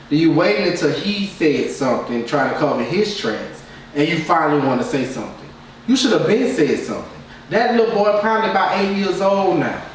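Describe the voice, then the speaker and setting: A man casually giving his opinions as a reality TV reviewer, in a loose, repetitive way with lots of filler phrases. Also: on the high side. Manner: loose, repetitive, keeps saying "you know what I'm saying". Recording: very echoey room, distant mic, faint noise.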